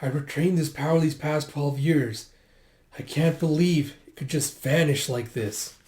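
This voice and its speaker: A man's voice: a little high, steady tone, a little slow, darkish tone, roomy sound, natural voice. A man reading aloud as a cruel, bitter aging male dragon warrior from a comic, with a sneering manner.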